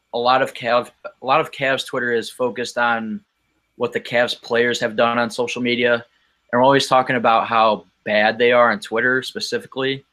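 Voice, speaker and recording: A man's voice: mid-range voice, bright, forceful tone. A man talking as a guest on a podcast, telling a casual story in a rambling way with frequent ums and restarts.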